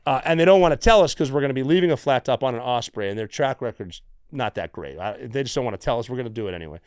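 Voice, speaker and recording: A middle-aged man from the United States, a former Navy SEAL guest telling stories in a casual, profane, animated way. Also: medium pitch, rapid-fire, smooth, dry recording, clean studio sound. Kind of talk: casual storytelling.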